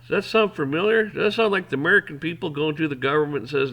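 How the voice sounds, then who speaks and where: Gravelly man ranting bluntly. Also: fairly high pitch, expressive, brisk, hardly any pauses, bright, forceful tone. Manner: blunt, profane, heated. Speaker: host. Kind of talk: opinion rant.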